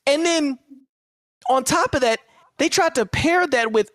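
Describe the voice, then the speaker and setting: A man's voice: extremely high pitch, measured pace, long pauses, no echo, studio quality. A man co-hosting a movie podcast, ranting casually and acting out quotes in voices. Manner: animated, profane, acts out quotes in voices. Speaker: podcast co-host. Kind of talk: casual movie review chat.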